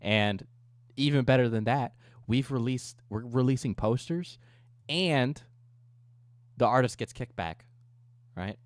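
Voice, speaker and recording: A man's voice: medium pitch, measured pace, long pauses, no echo. A man livestreaming, chatting casually with viewers, joking, ranting and swearing often. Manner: profane, joking rants with frequent laughter. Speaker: coffee business owner.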